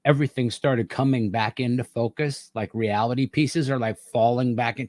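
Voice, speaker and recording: A man's voice: mid-range voice, steady tone, normal speed, a little mellow, dry recording. A man hosting a podcast, telling a wild story in casual, profane chat. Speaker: podcast host.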